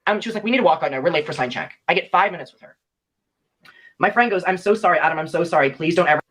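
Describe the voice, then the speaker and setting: A young man tells a personal story at a quick clip, his pitch swinging widely as he acts out what others said. His voice sits a little high for a man, and the delivery is animated storytime recounting. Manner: animated, acting out quoted dialogue.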